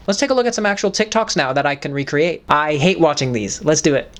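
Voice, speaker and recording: A woman's voice: deep voice, animated, fast, hardly any pauses. A tired young woman casually chatting as a content creator, sleepy and self-mocking. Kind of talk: casual vlog chat.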